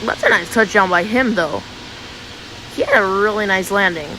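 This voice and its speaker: Woman game streamer, loose chatty play-by-play, filler-heavy, hissy room noise. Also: mid-range voice. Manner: chatty, excitable, many fillers and quick exclamations. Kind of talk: casual live gameplay commentary.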